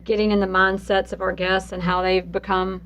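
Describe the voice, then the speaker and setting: A woman's voice: mid-range voice, little pitch movement, a little fast, fairly bright tone. A woman hosting a podcast interview, asking long winding questions with a joking, curious manner. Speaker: podcast host. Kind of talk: conversational interviewing.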